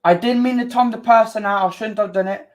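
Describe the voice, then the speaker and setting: A man's voice: high-pitched, a little fast, dull audio. A man co-hosting a livestream, talking defensively and repeating himself. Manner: defensive, keeps repeating "calm down". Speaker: stream co-host. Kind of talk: heated livestream chat.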